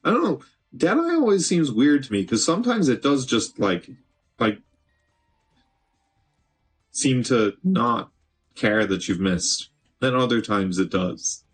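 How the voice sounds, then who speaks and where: Slow husky male game streamer. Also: medium pitch, big pitch swings, faint music behind. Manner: chatty, talks to the game, swears casually. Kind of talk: live gameplay commentary.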